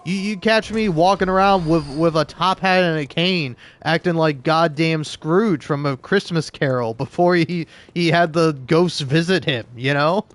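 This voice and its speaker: A young man talks over his gameplay in a loose, rambling way, sarcastic and quick to swear. His voice sits a little high for a man. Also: no room sound. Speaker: gaming channel host. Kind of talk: casual gameplay commentary.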